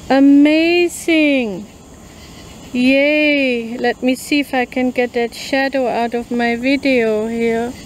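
A woman talks through a food review in a slow, unhurried, chatty way, sounding out label text carefully. Her voice sits a little high for a woman. She is recorded outdoors on a phone, with crickets and insects faintly heard behind her. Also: a little hiss or hum, rough recording. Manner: chatty, reads labels aloud slowly. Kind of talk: casual product review vlog. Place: outdoors in a rural yard at night.

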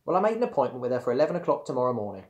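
A man reading aloud, voicing a mother calmly questioning her son. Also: mid-range voice, very fast, natural voice.

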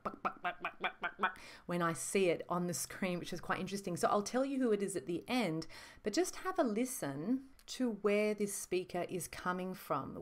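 A woman teaching about voices in a measured, explanatory monologue. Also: mid-range voice. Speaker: voice instructor.

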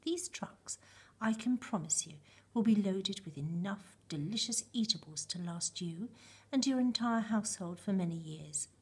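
A woman reading aloud and voicing a grand, eccentric male chocolate maker's letter in a theatrical, husky voice. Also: mid-range voice, expressive, moderate pace. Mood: grandiose.

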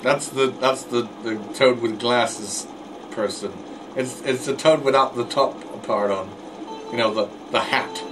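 With game music in the background, a man with a mid-range voice comments a little slowly on his online racing. He is jokey and self-mocking, stumbling over words in casual let's play fashion, and the recording is rough.

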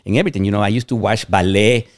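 Speaking rapid-fire with fairly even intonation and a lowish voice, this man from Guatemala shares personal stories on a podcast. He wanders as he talks, frequently adding "you know what I mean." The studio sound is clean, with no echo.

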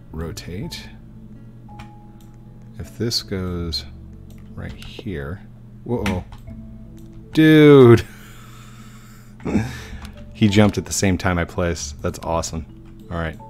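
A gaming YouTuber chats casually to viewers while building in a game, easygoing and talking to himself as he goes in a let's-play style. His voice sits low with a darkish tone.

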